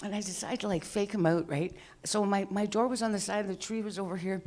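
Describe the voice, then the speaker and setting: A woman's voice: mid-range voice, fairly even intonation, a little fast, darkish tone. Chatty woman telling a story on stage. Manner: chatty, rambling, acts out voices. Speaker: open-mic storyteller. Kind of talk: live storytelling. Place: live venue stage.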